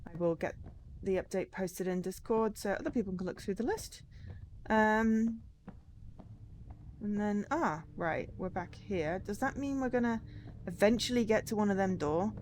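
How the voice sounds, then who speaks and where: A woman's voice: mid-range voice, moderate pace, darkish tone, a little hiss or hum. A tired woman streaming a game, chatting wryly and reading signs aloud. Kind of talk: casual gaming stream commentary.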